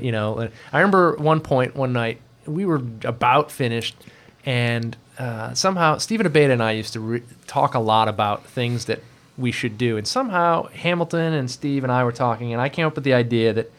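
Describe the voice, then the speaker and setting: A man in the middle of a casual chat, spinning loose, winding anecdotes. His delivery is animated, with lots of fillers and restarts, and he breaks into quick voices when he quotes people. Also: medium pitch. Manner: rambling, animated storyteller who acts out quoted people. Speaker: podcast guest telling stories.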